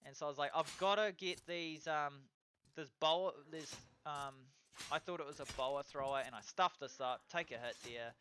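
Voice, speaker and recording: A man narrating his own gameplay in a casual voiceover, excitable and swearing, breaking into loud cheers over kills. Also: fairly high pitch, moderate pace, a little hiss or hum. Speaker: gameplay commentator.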